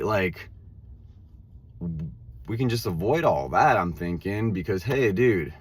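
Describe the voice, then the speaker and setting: A man's voice: fairly low pitch, animated, slow pace, slightly rough. A man who stutters, with repeated words and restarts, talking casually and reflectively to camera as host of his own channel. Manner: casual, says "like" and "dude" often. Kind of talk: reflective self-help monologue.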